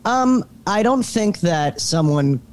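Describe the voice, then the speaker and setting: Male guest on a call, hesitant, halting, faint hiss under the voice. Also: high-pitched, expressive. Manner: hesitant, restarts, frustrated by his mic. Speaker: guest, screenwriter. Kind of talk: casual interview chat, remote. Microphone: faulty computer mic on a call.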